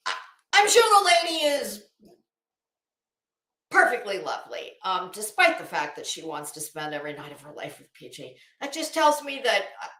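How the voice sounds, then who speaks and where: A woman's voice: medium pitch, sing-song, moderate pace, sharp tone, reverberant. A woman hosting a live commentary stream, rambling bluntly and sarcastically while greeting her viewers.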